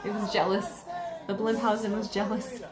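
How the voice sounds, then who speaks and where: A woman hosting a live watchalong stream, talking casually and rambling with lots of fillers, her voice a bit hoarse. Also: medium pitch, steady tone, moderate pace, reverberant, crowd noise. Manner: chatty, rambling, heavy use of "like". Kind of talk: live casual reaction chat.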